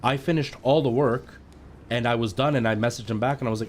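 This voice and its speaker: A man's voice: medium pitch, fast talker, slight background noise. A man live streaming and chatting casually to his viewers, ranting in exasperation as he talks straight to them over a headset mic.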